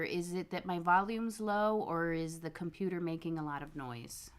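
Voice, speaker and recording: Soft-spoken woman muttering over her planner. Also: fairly low pitch, fairly even intonation, moderate pace, clear, resonant tone. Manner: soft-spoken, muttering to herself while she works. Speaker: planner livestream host. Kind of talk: casual live planning chat. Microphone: desk microphone.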